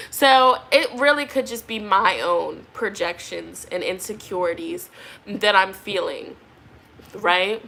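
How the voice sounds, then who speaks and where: A woman's voice: mid-range voice, slow pace, creaky, sharp tone, slight background noise. A pregnant young woman doing a tarot reading, chatting casually with viewers and laughing often. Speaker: tarot reader.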